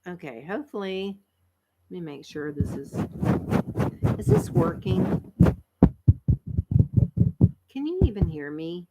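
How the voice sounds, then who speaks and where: A woman, chatting casually with viewers on a livestream, tired and a bit croaky, laughing often and rambling with fillers. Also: on the low side, very animated, takes it slowly, long pauses, heavy background noise. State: tired, frog in her throat. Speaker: livestream host. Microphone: computer microphone.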